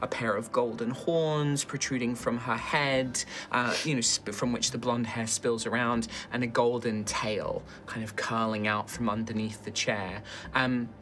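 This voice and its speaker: Game master, woman, extremely low voice, hesitant narration. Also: steady tone, measured pace, few pauses, a bit bright, slight background noise. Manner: loose, hesitant, lots of ums.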